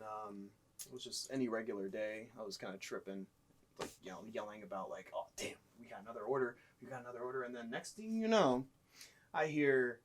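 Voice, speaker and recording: Animated young man telling work stories. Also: slight background noise. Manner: animated, swearing, acts out people in loud high voices. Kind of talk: casual storytelling chat.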